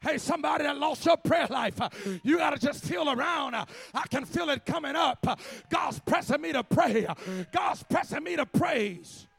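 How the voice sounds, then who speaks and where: A man preaching in a church, shouting in a rhythmic, chanted style with a huffing "uh" at the start of each phrase. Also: very high-pitched, expressive, moderate pace, no room sound. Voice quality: raspy, gravelly voice. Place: church sanctuary.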